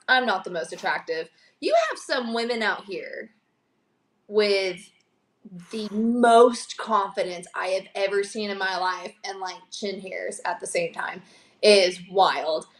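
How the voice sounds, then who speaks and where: A woman's voice: mid-range voice, slow. A woman guest chatting casually on a livestream, teasing and laughing as she reacts. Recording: roomy echo.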